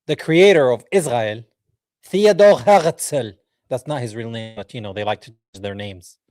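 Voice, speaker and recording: A man hosting a reaction video, commenting in an animated, mocking way, laughing and talking straight to his viewers. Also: medium pitch, normal speed, no room sound, clean studio sound. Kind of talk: reaction commentary over a played clip.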